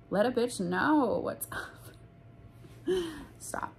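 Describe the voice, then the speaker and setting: A young woman rambles to her phone camera in a casual vlog, blunt and full of swearing, with filler words everywhere. Her pitch sits in an ordinary middle range for a woman. A faint hiss runs under the recording. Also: takes it slowly, creaky, long pauses. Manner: blunt, profane, chatty, lots of "like". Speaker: vlogger.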